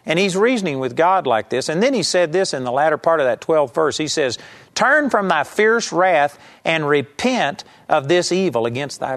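A man giving a televised Bible teaching, emphatic and rising sharply when he voices quoted pleas. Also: on the high side.

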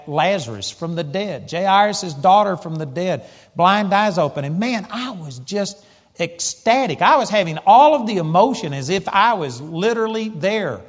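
A male preacher delivers his sermon in a fairly high voice, growing animated as he tells his story. The sound carries a long hall reverb. The recording is slightly dull and muffled. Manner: animated storytelling, rising pitch when excited.

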